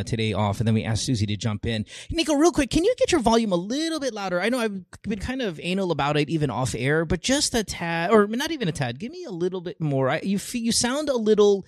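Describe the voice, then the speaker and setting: A man's voice: sits high, wildly swooping pitch, quick pace, few pauses, no room sound, studio quality. A young man hosting a podcast in casual chat, joking and laughing often. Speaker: podcast host.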